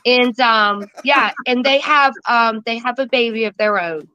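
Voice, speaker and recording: A woman calls in to a casual livestream and rambles on warmly, handing out blessings. Her voice is bright and a little high. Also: a little slow, clean tone, highs cut off. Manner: rambling, effusive, down-home blessings. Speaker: caller.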